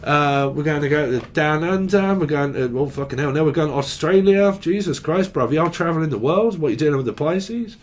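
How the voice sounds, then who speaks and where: A man's voice: on the high side, lively intonation, brisk, few pauses, slight background noise. A man giving a freewheeling channelled tarot reading, rambling and jokey, with a lot of swearing. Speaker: tarot reader.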